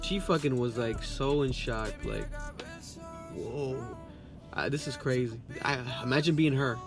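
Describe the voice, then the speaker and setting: A man hosting a podcast, reading social media posts aloud and reacting in a loud, profane, excitable way. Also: medium pitch, unhurried, music in the background. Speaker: podcast host reacting to memes. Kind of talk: casual reaction commentary.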